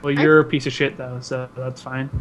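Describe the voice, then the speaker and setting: A man at a tabletop game, making dry deadpan jabs in casual banter. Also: mid-range voice, normal speed.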